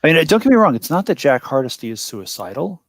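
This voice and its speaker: A man talking as a player at a tabletop game, explaining his ideas in a rambling, animated way with lots of "like"s. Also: on the high side, quick pace, no echo.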